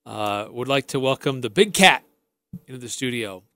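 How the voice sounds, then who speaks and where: A man's voice: mid-range voice, lively intonation, normal speed, sharp tone, slight background noise. A man hosting a sports talk radio show in a studio, friendly and chatty, often restarting his sentences.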